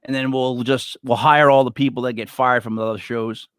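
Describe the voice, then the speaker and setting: A man co-hosting a casual wrestling podcast, excitable and stumbling over his words. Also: mid-range voice, fairly quick, smooth, dry recording, studio quality. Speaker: podcast co-host.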